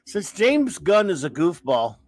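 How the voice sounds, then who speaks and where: Male host, high-pitched, dry close sound, rambling livestream rant with chat shout-outs. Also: big pitch swings, slow pace, dry recording. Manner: ranting, restarting sentences, reading chat aloud.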